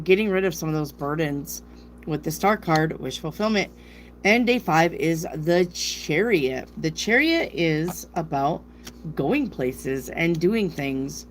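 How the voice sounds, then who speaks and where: Slow-talking tarot reader woman, northern US accent. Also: low voice, a little hiss or hum. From South Dakota. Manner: chatty, rambling, reads viewer questions aloud. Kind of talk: live-stream chat with viewers.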